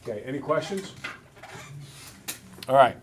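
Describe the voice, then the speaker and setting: A man teaching a math class, brisk and teasing, talking to students in a classroom. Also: medium pitch, lively intonation, far from the mic, a little hiss or hum.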